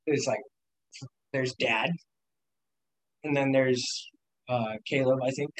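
In a rough recording, a young man appears as a podcast guest, casually telling rambling stories full of swearing and frequent laughter. He speaks slowly, with a medium pitch and fairly even intonation.

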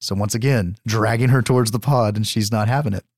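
A man with a lowish voice tells a movie's story on a podcast, swearing freely and getting animated. The sound is dry and close. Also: fairly quick, dry recording. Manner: profane, animated movie recapping. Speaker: podcast co-host. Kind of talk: casual chat.

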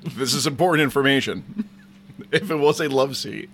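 A man co-hosting a casual podcast, wry and teasing with quick asides. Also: medium pitch, a bit bright, a little hiss or hum. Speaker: podcast co-host. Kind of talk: casual chat.

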